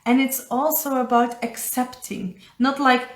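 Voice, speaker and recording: A woman with a Dutch accent, a spiritual coach giving a casual live card reading, halting and searching for English words. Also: high-pitched, fairly even intonation. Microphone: phone or webcam on a live stream. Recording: echoey room.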